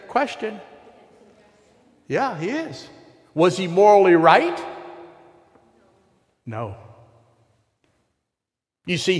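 A man preaching a sermon to a congregation, retelling a parable and putting rhetorical questions to his listeners. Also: on the high side. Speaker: pastor. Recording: long hall reverb.

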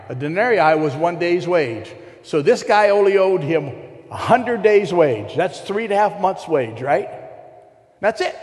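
A man preaching a sermon to a congregation, retelling a parable and putting rhetorical questions to his listeners. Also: on the high side. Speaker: pastor. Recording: long hall reverb.

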